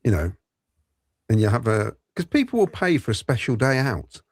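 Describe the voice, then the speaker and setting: A man on a football fan podcast panel, talking in a measured way and leaning on "you know". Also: medium pitch, sing-song, dry recording, clean studio sound. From England. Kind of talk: casual fan podcast chat.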